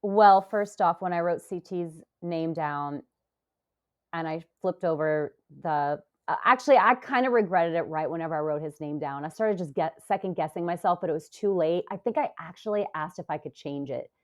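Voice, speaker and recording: A woman's voice: on the low side, normal speed. A woman in her forties, a podcast guest, retelling an emotional experience with many hesitations and fillers. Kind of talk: casual interview storytelling.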